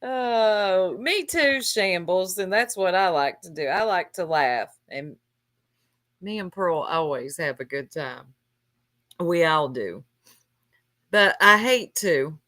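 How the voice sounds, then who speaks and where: A woman's voice: lowish voice, lively intonation, slow pace, a bit bright. A woman hosting a casual gossip chat, laughing often and reading chat names aloud. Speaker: stream host.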